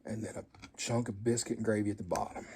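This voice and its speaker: A man's voice: fairly low pitch, little pitch movement, fast, dark tone, slight background noise. A man hosting a home cooking vlog, tasting his food and chatting casually with folksy, joking asides to viewers. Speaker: home cooking show host.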